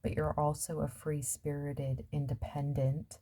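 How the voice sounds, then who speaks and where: Woman, tarot reader, casual reading, low husky voice, unhurried, musing with fillers. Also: little pitch movement, dark tone.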